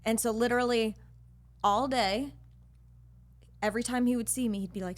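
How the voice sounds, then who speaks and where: A woman in her thirties, a podcast guest, telling a story in an animated, bubbly way and swearing freely. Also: on the high side, normal speed, pauses often. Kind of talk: casual storytelling chat.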